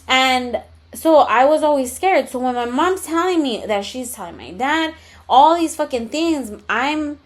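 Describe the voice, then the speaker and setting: A woman's voice: high-pitched, expressive, a little slow. A young adult woman co-hosting a podcast, telling a personal story in casual chat. She speaks candidly, swears freely and drops in Spanish slang. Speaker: podcast co-host.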